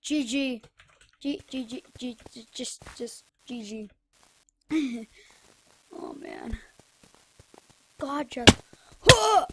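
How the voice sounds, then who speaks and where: A high-voiced woman talks through her own gameplay in a loose, rambling commentary and breaks into excited yells at the big moments. A loud hiss of noise sits under her voice, and mouse clicks keep tapping away in the background. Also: very slow, pauses often. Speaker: gaming channel host.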